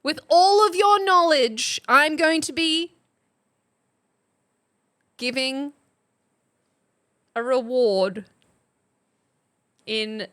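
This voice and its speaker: A young woman streamer with a high voice that swoops widely, talking at an unhurried pace. She laughs often and bursts into excited exclamations while hosting a playful mock class. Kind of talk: casual live-stream chat.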